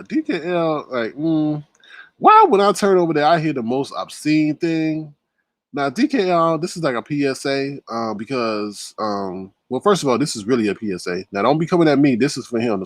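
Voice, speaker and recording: Animated man muttering "oh Lord" asides. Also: mid-range voice, no echo. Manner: lively, exclamatory, drops to mutters. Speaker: livestream host. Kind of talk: casual livestream commentary.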